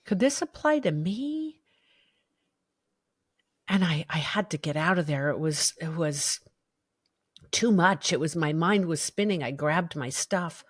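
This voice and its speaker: A woman's voice: low voice, no room sound, studio quality. A woman, a podcast guest, telling a personal story in an interview, vividly and emotionally, with restarts and acted-out quotes.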